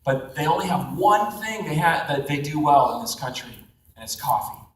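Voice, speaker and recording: Youth speaker, male, bright animated storyteller, recorded far off in an echoey hall. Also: a little high, normal speed, slight background noise. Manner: animated, acts out voices in the story. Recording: echoey hall, mic from afar.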